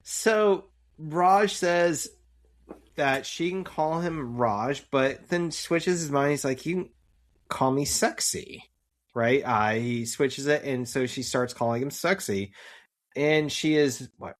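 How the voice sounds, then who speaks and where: A man's voice: medium pitch, takes it slowly. A male podcast co-host recapping a sitcom episode in loose, casual chat. He rambles a little and leans on fillers as he walks through each scene.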